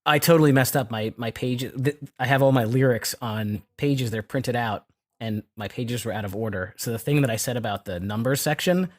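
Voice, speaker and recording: A man co-hosting a music podcast, talking through songs in a loose, casual way. His voice sits at an ordinary male pitch, and he apologizes and laughs easily at his own slip-ups. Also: fairly quick. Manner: chatty, apologetic, laughs often. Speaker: podcast co-host. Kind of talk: casual music review chat.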